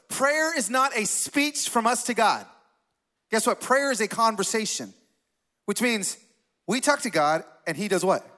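A man preaching a sermon in a conversational, animated way, telling a personal story and asking the congregation questions. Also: extremely high pitch. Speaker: pastor.

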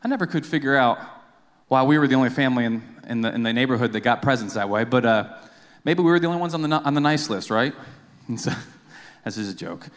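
A man's voice: mid-range voice, fast. Chatty man preaching in a reverberant church. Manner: informal and self-deprecating, with many fillers and restarts. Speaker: church accountant giving the sermon. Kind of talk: lay sermon with jokes and stories. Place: church sanctuary. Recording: long reverb of a church hall.

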